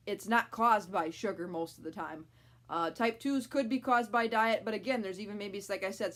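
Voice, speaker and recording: A woman's voice: medium pitch, a bit bright. A young adult woman talking frankly to camera in a casual vlog, with lots of fillers. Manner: frank, chatty, many fillers. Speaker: vlogger.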